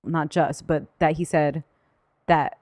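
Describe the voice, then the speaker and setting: Blunt low-voiced woman co-host. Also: flat delivery, slow, darkish tone, no echo, studio quality. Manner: blunt, profane reactions. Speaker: podcast co-host. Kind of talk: casual chat.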